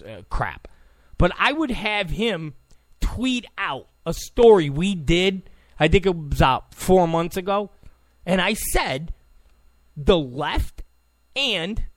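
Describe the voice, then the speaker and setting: A man's voice: sits high, a bit bright, no room sound. A man hosting a political talk show, delivering an opinionated, sarcastic monologue full of stammering restarts.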